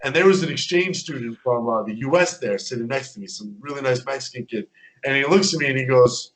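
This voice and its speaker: A man, a podcast guest, telling animated stories and acting out what people said. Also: mid-range voice, brisk. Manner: animated storyteller who acts out quotes. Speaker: podcast guest, fan club member. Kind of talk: casual podcast chat.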